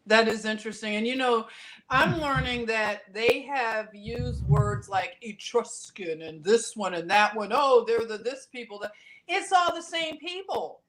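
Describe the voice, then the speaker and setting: Chatty woman co-host, somewhat high voice. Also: unhurried. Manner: animated storytelling, acting out other people's reactions. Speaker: podcast co-host. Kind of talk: casual conversational podcast chat.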